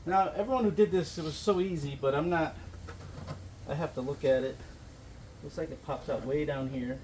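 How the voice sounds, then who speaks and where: A man's voice: medium pitch, background noise. Rambling man filming his own car repair. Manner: rambling, self-deprecating, explains as he works. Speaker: DIY car repair vlogger. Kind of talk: casual how-to walkthrough.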